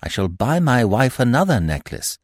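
A man's voice: mid-range voice, big pitch swings, moderate pace, dry recording, clean studio sound. A man reading the part of a nervous, guilty middle-aged man who stammers and speaks hastily. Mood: flustered. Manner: stammering, hoarse, hasty.

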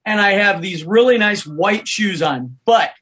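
Man telling a lively story. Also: sits high, a little slow, husky. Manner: animated anecdotal storyteller. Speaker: podcast guest. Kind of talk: casual storytelling chat.

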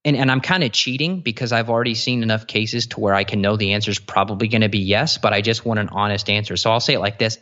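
A man talking as a nutrition guest in a casual interview, explaining eagerly with quick asides and restarts. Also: fairly low pitch, bright, forceful tone, dull audio.

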